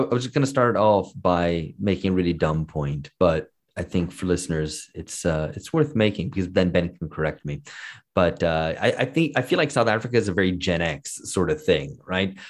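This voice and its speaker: Male podcast host, very deep voice, easygoing, lots of ums. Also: moderate pace. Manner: hesitant, many fillers, relaxed. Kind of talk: casual podcast chat.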